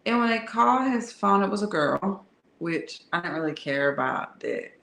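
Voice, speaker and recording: A woman's voice: medium pitch, animated, moderate pace, gravelly, fairly bright tone. A woman telling a candid personal story in a frank, slangy, conversational way that is broken up with laughter. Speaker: tarot reader and channel host. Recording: echoey room.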